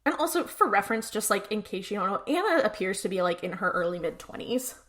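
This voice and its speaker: Talking fast in a sing-song, slightly bright mid-range voice, this podcast co-host runs through a casual show recap. Along the way she acts out what the characters said.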